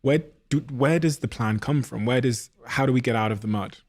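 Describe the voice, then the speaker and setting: A man's voice: medium pitch, a little fast, no echo. A man hosting a podcast, asking searching, probing questions. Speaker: podcast host. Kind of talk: interview questions.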